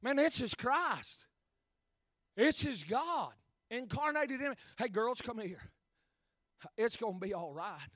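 A man voicing a gentle, comforting Jesus in a sermon retelling, speaking softly and tenderly. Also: very high-pitched, sing-song, slow, pauses often, no room sound, clean studio sound, heavily acted.

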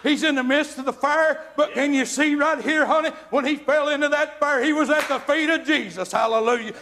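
A man's voice: extremely high pitch, a little fast, hardly any pauses. A man preaching an evangelical sermon, folksy and calling out to the congregation. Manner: folksy, calls out to the congregation, builds to shouting.

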